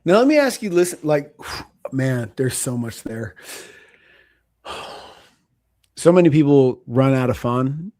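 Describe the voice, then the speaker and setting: A man's voice: medium pitch, sing-song, slow, long pauses, darkish tone, no echo, studio quality. A male podcast host who asks reflective questions with sighs and offers frequent short murmurs of agreement. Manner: reflective, sighing, gives many short backchannels. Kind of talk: casual interview.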